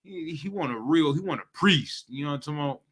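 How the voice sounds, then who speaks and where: A young man leads a streamed scripture class in animated slang, talking straight to his listeners. His voice sits high and sounds bright and edged. He keeps checking in with "you feel me". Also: fast. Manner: animated, street slang, repeats "you know what I'm talking about". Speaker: teacher leading a live-streamed scripture class. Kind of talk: casual slangy preaching commentary.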